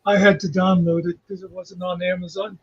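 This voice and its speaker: A man's voice: high-pitched, level tone, a little fast, slightly rough, dry recording. A man joining a livestream chat as a guest, telling meandering stories full of fillers. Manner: meandering, filler-heavy storytelling. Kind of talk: casual call-in chat. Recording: muffled lo-fi call audio.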